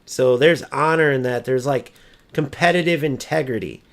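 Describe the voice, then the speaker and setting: A man's voice: medium pitch, normal speed. A man hosting a gaming channel, delivering a blunt, profane casual rant and repeating points for emphasis.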